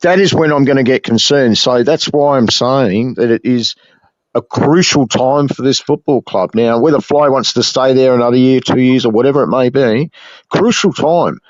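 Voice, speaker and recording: An Australian man hosting a casual fan chat, measured and filler-heavy, talking at length. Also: mid-range voice, no echo. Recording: dull dry lo-fi mic.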